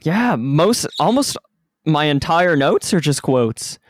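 A man's voice: on the high side, very animated, takes it slowly, no echo, studio quality. A man in his twenties co-hosting a casual podcast, joking and playful. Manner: jokey, playful. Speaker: podcast co-host.

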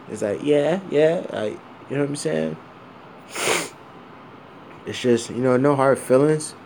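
A man's voice: medium pitch, fairly quick, darkish tone, slight background noise. A man of around forty talking bluntly and with plenty of swearing in a rambling personal monologue, full of fillers and repeated asides.

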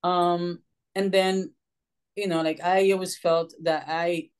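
A woman's voice: lowish voice, slow pace, clean tone. A woman from Puerto Rico with a Puerto Rican Spanish accent, Spanish her first language, telling her story as a guest in casual interview talk and acting out what she once asked. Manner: animated storytelling, acts out her own past questions. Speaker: guest author.

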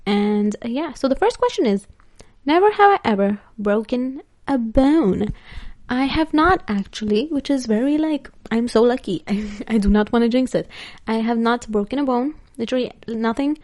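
A woman's voice: a little high, fairly quick, darkish tone. A young woman vlogger telling a story in casual chat, laughing often and using lots of filler words.

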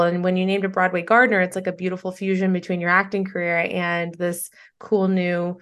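A woman's voice: lowish voice, level tone, fairly quick, few pauses, fairly bright tone, smooth. A woman hosting a podcast interview, effusive and encouraging toward her guest. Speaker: podcast host. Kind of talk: casual interview chat.

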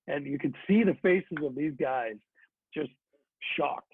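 A middle-aged man, once a hockey player, shares a story with a somewhat high voice, a bit of vocal fry, and a slightly slow pace. His telling is chatty and casual, packed with fillers and restarts, in a dry, phone-like recording with a little hiss or hum.

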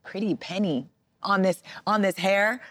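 A woman guest chatting in an interview, telling stories in a lively, animated way. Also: mid-range voice, measured pace, no echo. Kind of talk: casual interview chat.

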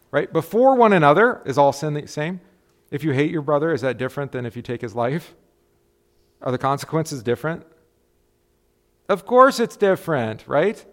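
Middle-aged male pastor leading an informal Bible lesson, chatty, keeps checking in with the group, voice of ordinary pitch. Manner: conversational, keeps checking in with tag questions. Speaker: pastor teaching a Bible class. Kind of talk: casual Bible class teaching.

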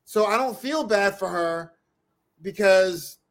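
A woman co-hosting a podcast in casual recap chat, animated and often acting out what others say. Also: medium pitch, slow. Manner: animated, acts out quotes from others. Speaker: podcast co-host.

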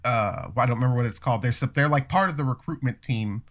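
A young man in a casual chat, telling a long story in a rambling, profane, animated way. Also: mid-range voice, fast. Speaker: storyteller guest.

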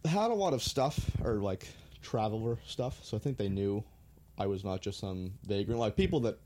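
A man's voice: fairly low pitch, expressive, moderate pace, warm tone, slight background noise. A young American man telling travel stories in a laid-back, joking way, with some swearing. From United States. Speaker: guest. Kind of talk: casual storytelling.

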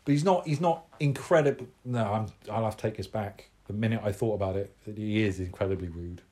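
A man's voice: lowish voice, fairly quick, a little mellow. A man chatting casually as co-host, rambling and searching for words as he talks. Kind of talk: casual chat.

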